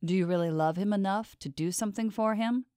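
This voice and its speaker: Audiobook role: cold, manipulative woman of the house, smooth and quietly menacing, read by a woman. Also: mid-range voice, a little fast, dry recording, clean studio sound, lightly acted. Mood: coldly probing. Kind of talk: audiobook character voice.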